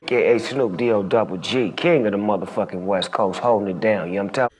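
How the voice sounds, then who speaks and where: A low, quick-talking rapper figure boasts with a lazy, drawling swagger, as a storyteller puts him on. Faint music plays behind the voice. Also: male voice, a little mellow, natural voice, low-quality recording. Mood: boastful. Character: swaggering male rapper impression, laid-back boast.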